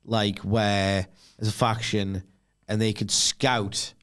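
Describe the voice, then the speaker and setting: A man's voice: lowish voice, level tone, takes it slowly, a bit bright, clear, resonant tone. A man co-hosting a podcast, musing casually and with dry humour. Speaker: podcast co-host. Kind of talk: casual chat.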